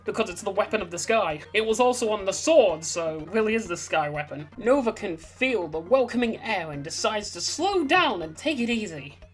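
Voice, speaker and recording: A woman's voice: mid-range voice, lively intonation, moderate pace, hardly any pauses, soft background music. A woman reading her own story aloud in a casual way, stopping often for chatty, rambling asides. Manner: rambling, chatty, self-interrupting.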